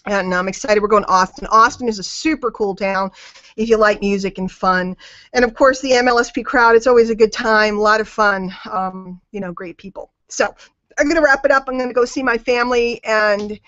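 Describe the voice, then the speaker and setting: A woman's voice: mid-range voice, brisk, fairly bright tone, no room sound, dull audio. A woman coaching a network marketing team on a group call. She talks emphatically and repeats her key phrases for weight.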